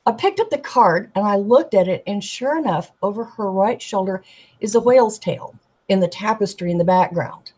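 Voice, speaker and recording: A woman, a tarot deck artist, chatting as a guest and telling animated stories, acting out the people she quotes. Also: mid-range voice, normal speed, breathy edge, rough recording. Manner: animated storyteller, giggly, acts out quoted voices. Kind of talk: casual storytelling chat.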